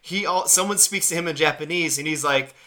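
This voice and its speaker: A man's voice: a little high, a little fast, bright, forceful tone. A man co-hosting a casual movie podcast, hesitant, repeating words as he works out an idea. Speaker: podcast co-host.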